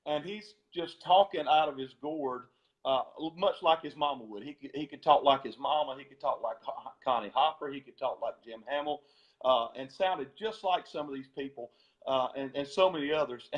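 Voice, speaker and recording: A man's voice: a little high, dull audio. A man, a former gospel singer, tells stories as a guest in an interview, laughing often and repeating words as he goes. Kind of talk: storytelling interview.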